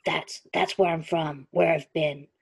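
A woman voicing a gruff, weary young man in a fan fiction reading, speaking low and urgently in a hushed voice. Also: steady tone, measured pace, no echo, exaggerated voice.

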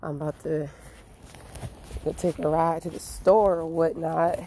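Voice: medium pitch, flat delivery, unhurried, mellow, a little hiss or hum. A vlogger with a stuffy nose from allergies, talking outdoors in a rambling, musing, philosophical way. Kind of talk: casual vlog monologue. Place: outdoors near flowers and a car.

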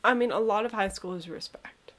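A woman's voice: mid-range voice, brisk, fairly bright tone. A teenage girl in casual chat about school, talking in a chatty, slangy way.

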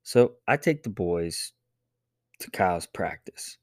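A man in his thirties hosting a casual solo podcast. He tells a family story in a lively, animated way, laughing often and jumping into high voices. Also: slow pace, no room sound, studio quality. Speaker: podcast host.

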